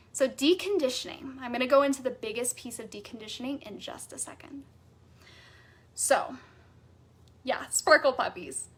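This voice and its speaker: High-pitched, bubbly woman coach; enthusiastic live-class teacher. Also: husky. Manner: bubbly and enthusiastic, reads out chat comments. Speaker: business coach.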